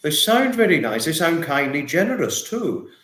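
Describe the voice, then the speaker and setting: Young man, livestream host, effusive, reads viewer comments, slightly high voice, roomy echo. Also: very animated, moderate pace, fairly bright tone. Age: young adult. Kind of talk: casual livestream chat. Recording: echoey room.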